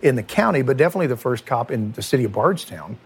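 A middle-aged man, a former police chief, recounting a night in a halting, emotional way with many repeated words. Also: mid-range voice, sing-song, breathy edge.

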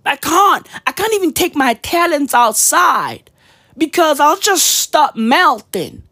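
A woman's voice: high voice, sing-song, slow, pushed and bright, dry recording. A woman vlogger in a profane, slangy comedic rant, mimicking sounds as she goes.

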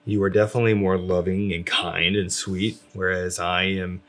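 A man's voice: deep voice, little pitch movement, normal speed. A man talking casually about faith with his wife, rambling with lots of fillers and restarts. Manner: rambling, many fillers, self-described loud.

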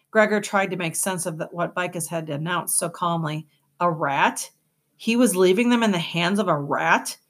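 A woman narrating a children's fantasy novel aloud, with expressive, lively storytelling. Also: on the low side. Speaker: audiobook narrator.

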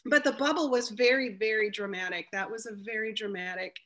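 A woman talking as a guest in a casual interview, telling her story with animated energy and acting out the voices of other people. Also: on the high side, fairly quick.

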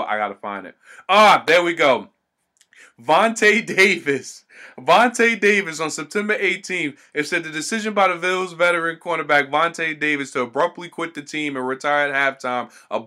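A young man ranting casually about football as a vlogger, swearing constantly and acting out what players said. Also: on the high side. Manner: animated, swears constantly, acts out quotes. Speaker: sports vlogger. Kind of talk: casual profane sports rant.

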